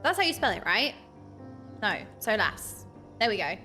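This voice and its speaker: A woman's voice: on the high side, big pitch swings, unhurried, pushed and bright, soft background music. A young British woman with a British accent chatting animatedly while streaming a game, bursting into laughs and mock outrage. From United Kingdom.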